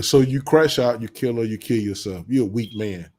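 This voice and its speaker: Man, mid pitch, blunt preachy vlogger who repeats his points. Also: normal speed, darkish tone. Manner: blunt, preachy, heavy slang, repeats insults with bursts of laughter. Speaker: commentary vlogger. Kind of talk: casual advice monologue.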